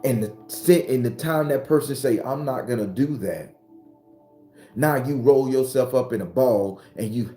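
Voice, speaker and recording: Faint music plays behind a Southern-accented spiritual teacher whose mid-range, dark voice rings out in a reverberant room. He takes his time, delivering an earthy, emphatic message to his followers and repeating himself for emphasis.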